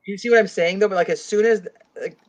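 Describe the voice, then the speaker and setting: Speaking fast in a mid-range voice, this woman hosts a laid-back true-crime chat, wandering off on tangents and leaning heavily on "like" as she reads comments out loud. The recording sounds dull and lo-fi.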